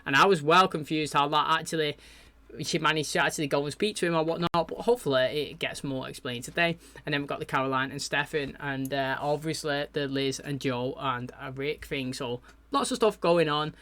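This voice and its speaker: A man's voice: a little high, brisk, pushed and bright, no room sound. A man, recapping a TV episode in a rambling, chatty way with lots of fillers. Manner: rambling, chatty, loose paraphrasing with frequent fillers. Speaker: TV reaction channel host.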